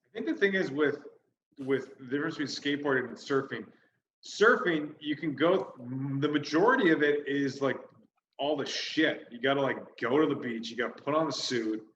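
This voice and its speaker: A man's voice: mid-range voice, normal speed, a bit bright, slight background noise. A man co-hosting a comedy podcast, ranting and swearing in casual chat. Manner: swears a lot, ranting and exasperated. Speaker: podcast co-host. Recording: roomy, slightly dull sound.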